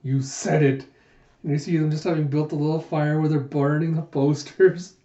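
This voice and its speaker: A man reviewing a manga in a casual readthrough, animated and laughing as he retells scenes. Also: on the high side, brisk. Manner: animated, lots of laughing asides. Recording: echoey room, dull sound.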